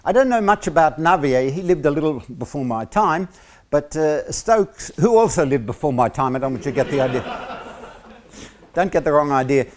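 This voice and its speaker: Lecturing at a university, this Australian man speaks a little high with lively intonation. His talk is dotted with filler pauses and joking asides.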